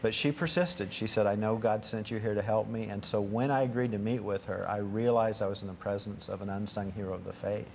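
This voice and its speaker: Male guest, lowish voice, storytelling testimony, light background noise. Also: fairly even intonation, a little fast, vocal fry, few pauses, darkish tone. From United States. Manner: storytelling, acts out quoted dialogue. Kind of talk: testimony on a talk show.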